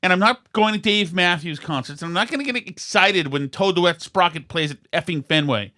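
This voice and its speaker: Teasing high-pitched male podcast host. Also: fairly quick, pushed and bright. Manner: sarcastic, teasing. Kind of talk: casual banter.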